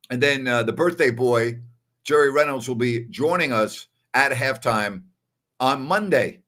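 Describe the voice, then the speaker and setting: In a relaxed postgame show streamed live, a man with a New York accent reads out viewer comments. He makes his points emphatically with tag questions over and over, in a medium-pitched, fairly bright voice.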